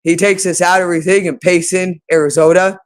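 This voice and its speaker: Addressing his viewers directly, a man with a slightly raised pitch delivers a rambling monologue. His delivery is flat, quick, and smooth, yet he sounds agitated and accusatory, repeatedly circling back to the same phrases.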